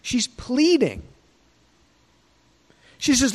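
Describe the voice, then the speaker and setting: A man's voice: high voice, sing-song, normal speed, long pauses. A man preaching a sermon in a provocative, conversational way, with many rhetorical questions. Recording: long hall reverb.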